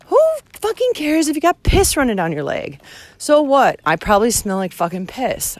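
A young woman rants into her phone while hiking a trail, panting from the climb and swearing freely. Her pitch leaps high and drops low as she gets worked up. It is a casual, unscripted walking vlog recorded outdoors. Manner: blunt, heavy swearing, animated rants. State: out of breath from climbing. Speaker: vlogger hiking the Camino. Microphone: phone held while walking.

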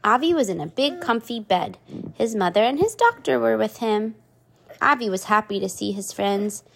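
A mother reading a storybook aloud, animated and chatty, her voice fairly high and rising and falling with lots of expression. she pauses now and then to talk with her little one about the pictures. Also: gravelly, husky. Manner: animated, chatting with her child between pages. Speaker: parent reading to child.

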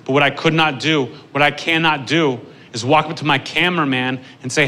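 A man doing a stand-up comedy set on stage, profane and building to shouted rants. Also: fairly high pitch, steady tone, fairly quick. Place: comedy club stage with a live audience.

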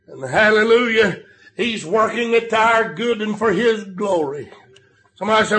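An older man preaching a sermon, telling stories and rising to shouted emphasis on key lines. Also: sits high, moderate pace.

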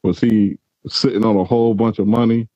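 A man's voice: fairly low pitch, fairly even intonation, brisk, warm tone, dry recording, muffled recording. A male host who speaks in a reflective, encouraging way and asks probing questions. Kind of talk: interview, motivational talk.

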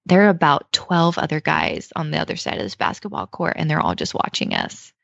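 A woman's voice: sits low, fairly quick, vocal fry, dry recording. A woman in her thirties, a mother, telling a personal story in a casual, emotional way, full of "like" and "you know". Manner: heavy use of fillers like "like" and "you know"; emotional, animated retelling. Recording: dull lo-fi dry recording.

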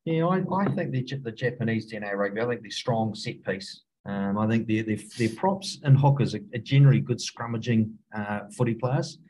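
Man, New Zealand accent, middle-aged, lowish voice, halting, lots of ums and restarts, casual interview guest. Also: darkish tone, a little hiss or hum, low-quality recording. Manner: halting, many fillers and restarts. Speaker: rugby coach, guest.

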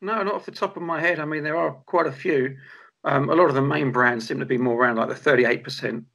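A man's voice: fairly high pitch, fast, creaky, fairly bright tone. A man guest in a casual tasting chat over a video call, easygoing with short replies.

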